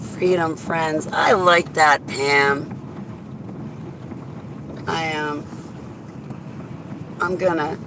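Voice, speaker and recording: A woman's voice: deep voice, fairly even intonation, extremely slow, pauses often. A woman chatting casually while driving, rambling to herself and greeting viewers by name. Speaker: vlogger. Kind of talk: casual driving vlog chat. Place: inside a car on a highway. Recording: road and wind noise in a car.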